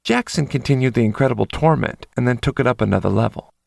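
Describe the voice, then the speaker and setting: A man's voice: mid-range voice, lively intonation, quick pace, creaky, a little mellow, no room sound, studio quality. A man narrating a first-person romance audiobook in an intimate inner-monologue manner.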